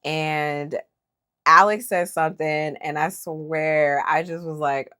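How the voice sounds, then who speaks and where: A woman's voice: deep voice, takes it slowly. A woman giving a casual, opinionated recap of a reality show, chatty and full of fillers. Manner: opinionated, animated, lots of fillers. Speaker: recap host.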